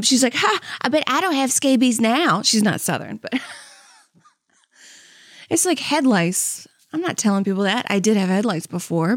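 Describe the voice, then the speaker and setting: A woman's voice: mid-range voice, no room sound, studio quality. A woman in her thirties on a comedy podcast, rambling candidly and mocking herself, with lots of "like" and "you know what I mean.". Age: 30s. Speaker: podcast host. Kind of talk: comedic monologue.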